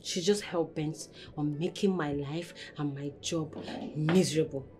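An actress playing a young, hardworking maid, speaking with a Nigerian English accent in an indignant, grumbling way. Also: female voice, low-pitched, fairly even intonation, a little slow, noisy background. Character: young woman, a hardworking, put-upon maid. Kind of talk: Nigerian movie acting.

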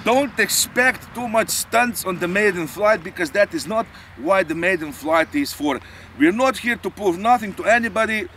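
High-voiced man showing off a model plane outdoors. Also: expressive, normal speed, a bit bright, a little hiss or hum. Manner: explains step by step, tags sentences with "eh?". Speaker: RC pilot and channel host. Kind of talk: casual outdoor demonstration. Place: outdoors in a grassy field.

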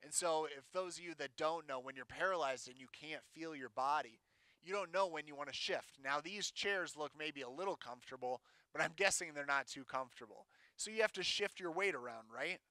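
A young man speaks to an audience about his own life, candid and plainspoken. His voice is bright and crisply clear. The recording is dry and close, with no room sound. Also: a little high, a little fast, no echo. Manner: candid, plainspoken storytelling with fillers. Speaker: self-advocate speaker. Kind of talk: storytelling talk to an audience.

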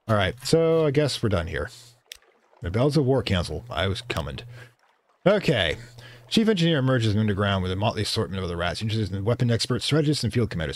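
A man with a lower-pitched voice reads video game text aloud at a quick clip. His pitch swings widely as he goes. He stumbles over words, corrects himself, and drops casual asides between passages. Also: big pitch swings. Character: shy albino rat tinker, male. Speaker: let's play host.

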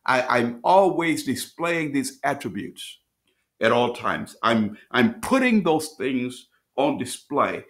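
A man teaching as pastor at a midweek bible study, reading scripture slowly and restating phrases as he explains. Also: medium pitch, very animated, a bit bright. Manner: preacherly, repeats and restates phrases; reads scripture slowly with rising emphasis.

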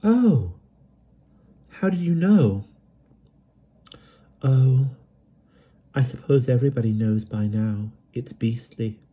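Male reader playing a shy, hesitant young woman; breathy, a touch higher than his own voice. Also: lively intonation, slow, pauses often, warm tone, muffled recording. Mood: timid. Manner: hesitant, stammering.

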